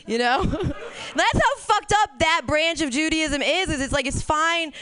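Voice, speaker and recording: A woman's voice: high-pitched, animated, measured pace, sharp tone, dry recording. A woman doing a stand-up set, telling crude stories candidly and laughing at her own jokes. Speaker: stand-up comic.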